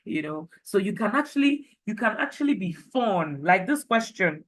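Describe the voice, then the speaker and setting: A woman's voice: medium pitch, very animated, moderate pace, rough recording. A Nigerian woman teaching an online class, chatty and encouraging, slipping into pidgin.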